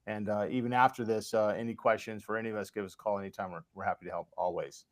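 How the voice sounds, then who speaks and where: A man hosting a casual podcast who rambles along, restarting sentences and padding them with fillers. His delivery is relaxed and unscripted. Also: on the low side, fast, a crowd in the background. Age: parent of children. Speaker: podcast host. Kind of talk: casual chat.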